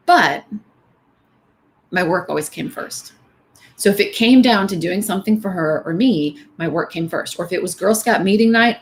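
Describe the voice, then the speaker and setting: A woman's voice: lowish voice, slight background noise. A middle-aged woman giving a candid, conversational motivational talk at a women's event, with many fillers. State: tearful at times.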